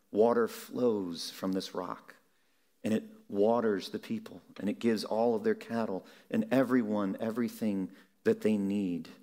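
A man preaching a sermon in a measured way, slowing down on key words for emphasis. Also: on the low side, dark tone.

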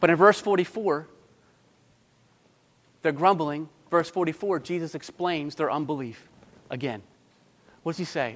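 A man's voice: high voice, animated, normal speed, a bit bright, big-room sound. A male pastor preaching a sermon, emphatic and full of rhetorical questions to the congregation, with light humorous asides.

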